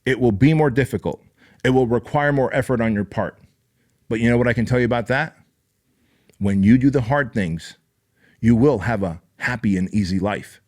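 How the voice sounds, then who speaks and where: A man's voice: mid-range voice, normal speed, long pauses, darkish tone. A middle-aged man hosting his show, giving a blunt, profane, fired-up motivational monologue straight to his listeners. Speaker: podcast host.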